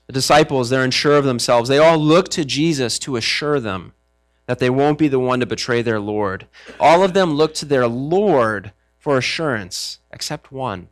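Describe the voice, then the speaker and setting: A man's voice: mid-range voice, expressive, normal speed. Male pastor, easygoing sermon delivery, plays out the disciples' lines. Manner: conversational, acts out disciples' voices; frequent fillers and restarts. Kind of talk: sermon with scripture reading.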